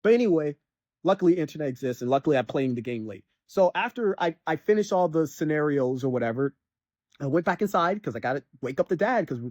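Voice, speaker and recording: A man's voice: on the high side, lively intonation, fast, darkish tone, no echo, studio quality. Rambling man recapping a game. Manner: rambling, filler-heavy, restarts often. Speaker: game reviewer. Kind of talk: casual spoken game recap.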